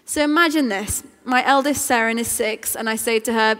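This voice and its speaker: A woman's voice: fairly high pitch, normal speed, few pauses, fairly bright tone, smooth. A woman, giving a conversational, earnest sermon. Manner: earnest and conversational, with small restarts. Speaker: preacher. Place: church. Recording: long church reverb.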